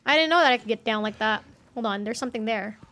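A woman's voice: a little high, quick pace, sharp tone, a little hiss or hum. A woman streaming a horror game, talking to her chat and swearing in flustered bursts as she gets lost and scared. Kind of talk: live gameplay commentary.

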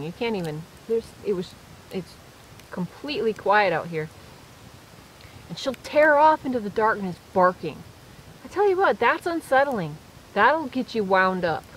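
Woman vlogger, casual and animated, telling camp stories outdoors with a faint hiss. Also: medium pitch, low-quality recording. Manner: chatty, animated storyteller. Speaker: solo camping vlogger. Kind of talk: casual storytelling to camera. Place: outdoors in the woods at night.

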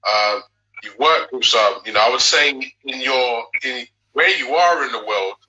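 A man hosting a music show, asking long questions in a halting way with many fillers. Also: medium pitch, bright, forceful tone, poor audio. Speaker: show host. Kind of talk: interview questions.

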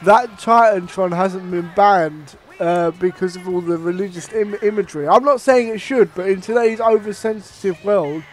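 Young man from Ireland, very high voice, excitable and sweary, game commentary. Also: normal speed, few pauses. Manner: excitable, swearing, mock ring-announcer bursts. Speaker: gaming commentator.

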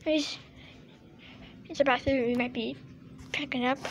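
A female vlogger talks casually to her viewers in a high, bright-pitched voice. She speaks slowly and rambles, filling gaps with ums and uhs. Faint noise sits behind her. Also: fairly even intonation. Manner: rambling, many fillers and restarts. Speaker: toy collector vlogger. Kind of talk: casual chat to camera.

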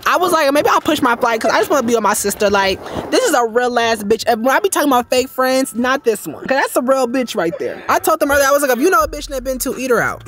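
A woman vlogging casually from a car, loud, brash and profane, talking fast in slangy chat. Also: high voice, animated.

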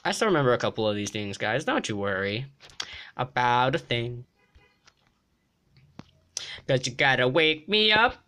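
A man's voice: medium pitch, lively intonation, measured pace, long pauses, sharp tone. Jumpy young guy yelping over gameplay. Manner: jumpy, yelps and shrieks when threatened. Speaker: gaming YouTuber. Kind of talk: excited gameplay commentary.

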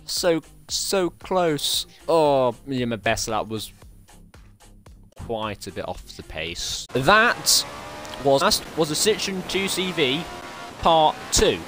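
A man excitedly commentating his own racing game play, breaking into strings of repeated exclamations. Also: medium pitch, takes it slowly. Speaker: gaming streamer. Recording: game music behind.

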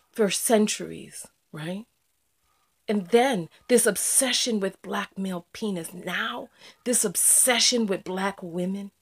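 Woman vlogger, heated commentary, emphatic repeats, slightly high voice. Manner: emphatic, repeats phrases for force. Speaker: YouTube commentator. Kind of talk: ranting video commentary.

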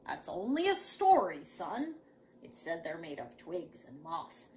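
A woman voicing a calm father who dismisses talk of trolls. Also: on the low side, unhurried, slight background noise, pitched below the performer's own voice. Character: calm, matter-of-fact father.

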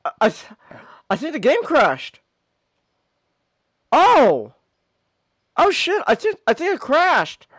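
A male streamer giving casual, excitable gaming commentary, stammering and exclaiming often. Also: very high-pitched, slow pace, long pauses, no echo.

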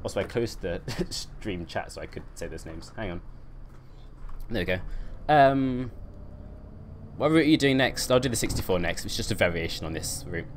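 A man's voice: on the low side, expressive, normal speed, a little hiss or hum. A young man chatting on a live stream while playing a game, reading and answering his chat and laughing often.

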